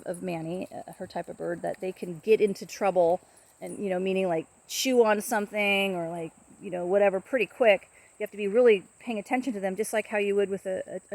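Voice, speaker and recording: Speaking to the camera in a mid-range voice, a woman chats casually about her pet parrot, rambling softly with lots of fillers and restarts.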